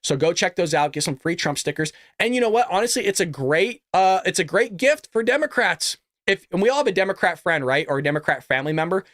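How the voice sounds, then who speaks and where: A man's voice: high voice, animated, fast talker, hardly any pauses, a bit bright, no echo, clean studio sound. A man hosting his own political commentary show, reading an ad and then ranting in a heated way with lots of rhetorical questions. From California. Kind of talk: casual political commentary and ad read.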